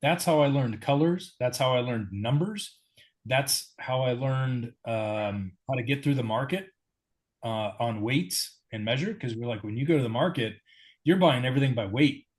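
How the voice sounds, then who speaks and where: A man's voice: mid-range voice, moderate pace. Easygoing American man telling a story. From United States. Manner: easygoing, self-deprecating storyteller. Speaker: guest. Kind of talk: storytelling in a sit-down interview.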